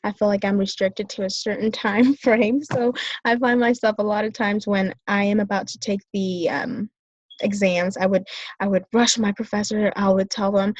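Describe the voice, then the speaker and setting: A young woman in her twenties talks about herself as a student, hesitant and full of fillers and restarts. Her voice sits at a middle pitch. The recording is dull and dry, with no room sound around her. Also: steady tone, normal speed, no room sound. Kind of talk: self-reflective talk.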